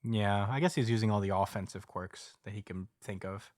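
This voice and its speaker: A man's voice: on the low side, no echo, studio quality. A man co-hosting a podcast, casually recapping a comic chapter and laughing easily. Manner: relaxed storytelling, quick to laugh. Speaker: podcast co-host.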